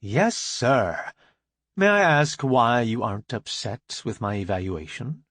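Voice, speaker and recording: A man's voice: mid-range voice, sing-song, takes it slowly, fairly bright tone, dry recording, full character voice. A man voicing a frank female starship engineer. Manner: crisp, formal military address.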